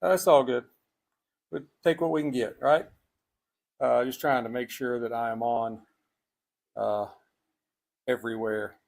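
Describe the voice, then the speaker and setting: A man's voice: medium pitch, fairly even intonation, unhurried, creaky, pauses often, darkish tone. A man with a Texas accent hosting a cigar and spirits livestream, chatting casually outdoors and rambling through fillers and restarts. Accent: Texan. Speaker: cigar and spirits show host. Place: outdoors on a breezy day.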